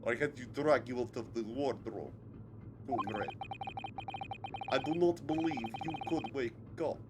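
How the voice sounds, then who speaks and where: A man's voice: medium pitch, a little slow, heavy background noise, lightly acted. A man voicing a stern male ship officer, speaking in menacing, broken phrasing.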